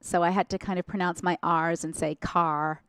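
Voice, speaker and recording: A middle-aged Australian woman, a guest in a studio interview, chatting casually in an animated way and laughing often. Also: fairly low pitch, brisk, no echo. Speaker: guest actress.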